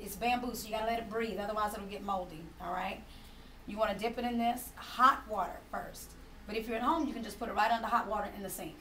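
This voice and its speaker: A woman's voice: mid-range voice, fairly bright tone. A woman with an African American accent, leading a live tea demonstration for a group in a chatty, laughing manner. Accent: African American Vernacular English. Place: room with a group, kitchen sounds. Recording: distant mic with room noise.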